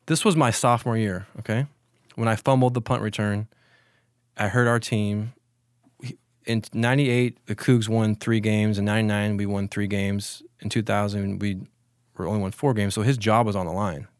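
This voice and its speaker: A man in his forties, a former college football player, telling stories in a relaxed, reflective way during an interview, with many restarts. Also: fairly low pitch, normal speed, dry recording, clean studio sound. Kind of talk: casual storytelling in an interview.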